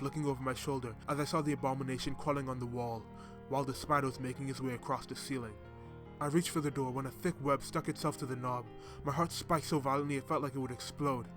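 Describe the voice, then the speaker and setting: A man reads a scripted horror tale in a steady, dramatic way, at a middling pitch. Faint music plays softly underneath. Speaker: horror story narrator.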